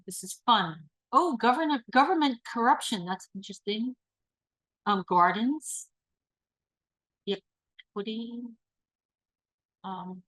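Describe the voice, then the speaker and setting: A woman presenting an online workshop, leading a calm guided visualization and reading audience answers aloud. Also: medium pitch, dry recording, poor audio. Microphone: video call.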